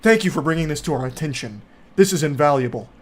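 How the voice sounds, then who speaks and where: A man's voice: fairly high pitch, lively intonation, fast talker. A man voicing a prim male bank executive who is shocked and fussy, in a mocking comedy bit. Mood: scandalized. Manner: mock-outraged, fussy and prissy.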